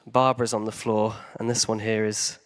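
A man as a pastor giving a sermon in a church hall, talking conversationally with frequent ums and animated emphasis. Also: on the low side, normal speed.

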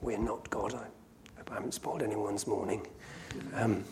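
Conversational male preacher, soft background hiss. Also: fairly low pitch, steady tone, moderate pace. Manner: conversational storytelling with sudden loud acted cries. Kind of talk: sermon.

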